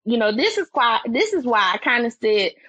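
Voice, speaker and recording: Animated, husky high-voiced woman storyteller. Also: normal speed, no echo, dull audio. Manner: expressive, voice climbs higher when excited. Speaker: podcast guest. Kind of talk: animated storytelling in casual chat.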